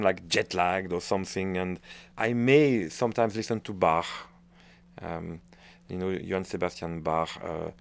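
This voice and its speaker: Deep and touched with vocal fry, this voice belongs to a middle-aged man from France who has a French accent. A conductor being interviewed, he searches for words hesitantly and keeps starting his sentences over.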